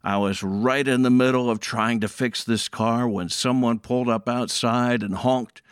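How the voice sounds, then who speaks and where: A man's voice: mid-range voice, fairly even intonation, unhurried, smooth, dry recording, studio quality, lightly acted. A man voicing a male garage mechanic who earnestly and folksily recounts an incident from his own work. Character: male garage mechanic telling a regretful story. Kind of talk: storytelling.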